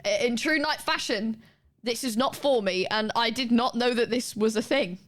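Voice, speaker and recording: A woman's voice: on the high side, normal speed, a bit bright. A woman streamer chatting casually and laughing as she reacts to clips. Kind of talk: casual live-stream chat.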